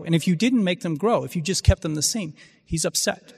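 A man preaching a Catholic sermon, speaking in a halting way and often repeating words as he searches for his phrasing. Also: sits high, vocal fry, darkish tone, slightly rough, big-room sound.

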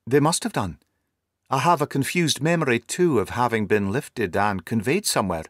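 A man's voice: medium pitch, normal speed, fairly bright tone, no room sound, clean studio sound, natural voice. A man reading the lines of a shaken, earnest young engineer in a storybook. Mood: uneasy.

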